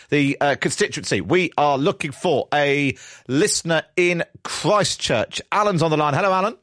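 Chatty radio host. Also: male voice, on the high side, dry recording. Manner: chatty, laughs easily. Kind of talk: casual radio chat.

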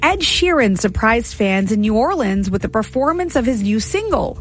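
A female radio co-host reads trivia questions and chats in a brisk way, laughing often. Her voice sits fairly high. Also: very animated, soft background music.

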